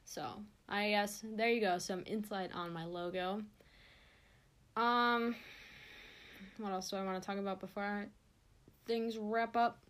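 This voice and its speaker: A young woman hosts her own podcast in a casual monologue. She speaks slowly, in a mid-pitched voice, rambling a little as she goes. Her delivery is earnest and openly emotional. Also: fairly even intonation, a bit bright, smooth. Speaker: podcast host.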